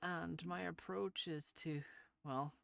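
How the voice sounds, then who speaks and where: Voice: medium pitch, steady tone, slow pace, vocal fry, a bit bright. A gaming video creator with a nasal voice, chatting loosely over gameplay with many fillers and restarts, shy and hesitant. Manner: shy, talks about social anxiety. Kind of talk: casual gameplay commentary.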